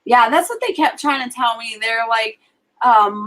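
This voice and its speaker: A woman's voice: on the high side, moderate pace, a bit bright, poor audio. Chatty young woman telling birth stories. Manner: chatty storytelling, frequent "like" fillers. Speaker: livestream co-host. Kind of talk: casual chat.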